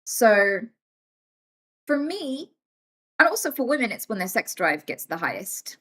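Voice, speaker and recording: A woman in her thirties talking casually on a live stream, animated and swearing freely. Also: on the high side, a little slow, husky. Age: 30s. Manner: animated and swearing, acts out quoted voices.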